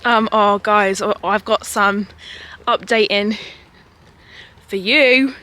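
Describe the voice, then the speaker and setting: A woman's voice: mid-range voice, fairly even intonation, takes it slowly, sharp tone. A young woman vlogging outdoors in a park, chatty and rambling, a little out of breath and laughing often. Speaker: vlogger and mother. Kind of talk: casual chatty vlog.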